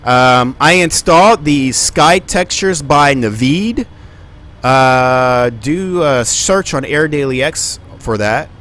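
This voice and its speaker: A man's voice: medium pitch, expressive, slow, a bit bright. A man giving live stream commentary on a flight simulator, rambling and thinking aloud with plenty of ums and uhs.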